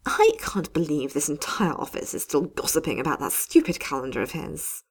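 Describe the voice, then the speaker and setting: A woman's voice: deep voice, big pitch swings, moderate pace, creaky, slightly rough, heavily acted. A woman voicing a grumpy young man griping sourly about office gossip. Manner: griping, sour.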